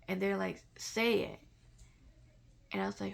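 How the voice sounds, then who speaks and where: Slow, gravelly-voiced woman telling a personal story. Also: mid-range voice, steady tone. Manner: halting and reflective, with many fillers and restarts. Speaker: vlogger sharing a personal spiritual story.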